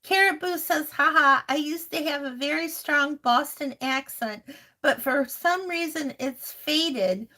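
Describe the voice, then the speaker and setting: A woman's voice: high voice, unhurried, bright, forceful tone. A woman hosting a crafting live stream, chatting casually and fondly calling viewers honey and sweetheart, laughing often. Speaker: crafting channel host. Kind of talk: live-stream chat, reading viewer comments.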